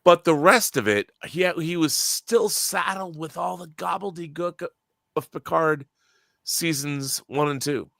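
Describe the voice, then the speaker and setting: A man's voice: fairly high pitch, unhurried, creaky, a bit bright, dry recording, studio quality. A man in casual podcast chat, emphatic and opinionated, swearing freely and restarting his sentences as he rants. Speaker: podcast co-host.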